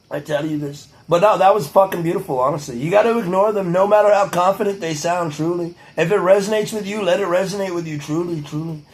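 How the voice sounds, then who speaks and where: A man's voice: sits high, rough recording. A man doing a comedic impression of a boastful older male public figure, giving a rambling, profane pep talk with a hint of a Boston accent.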